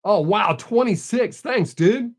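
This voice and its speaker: A man's voice: high-pitched, takes it slowly. A man chatting casually on a live stream, answering viewers bluntly and without a filter. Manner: blunt, unfiltered, reads out viewer names.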